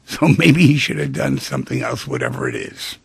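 A male radio host with a heavily gravelly, husky voice speaks from a dry studio mic. His pitch rises and falls in a lively, animated way as he tells stories and acts out the people in them. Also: a little fast, no room sound. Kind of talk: radio talk monologue.

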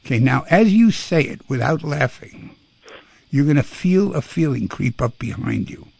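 A man's voice: a little high, lively intonation, moderate pace, creaky, darkish tone, breathy edge, dry recording. A man hosting a call-in radio show, coaching a caller in a pushy, coaxing way and repeating his commands. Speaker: radio host.

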